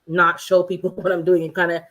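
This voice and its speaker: A woman in relaxed conversation as a channel host, telling everyday stories. She is animated and jumps into bigger voices when she quotes people, and she laughs easily. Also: brisk. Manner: animated storyteller, acts out quotes with big pitch jumps and laughter. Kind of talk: casual chat.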